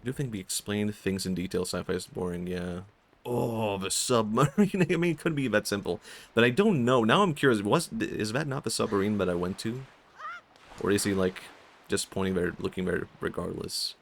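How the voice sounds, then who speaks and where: Gravelly-voiced Swedish man streaming. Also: lowish voice, normal speed, a little hiss or hum. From Sweden. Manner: chatty, self-questioning, laughs often. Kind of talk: casual gaming stream chat. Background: faint game music.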